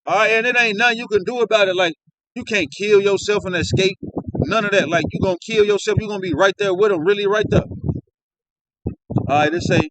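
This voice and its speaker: A man with a notably high-pitched voice gives informal scripture commentary. He alternates reading verses aloud with loose, slangy riffs full of "you know what I'm saying" and "man." The sound is that of a phone recording. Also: brisk, noisy background. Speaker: street-style Bible teacher.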